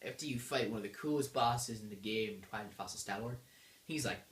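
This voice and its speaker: A woman's voice: a bass voice, fairly quick, roomy sound. A woman giving a bubbly, jokey recap of a video game as a reviewer. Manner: bubbly, gushing, jokey retelling.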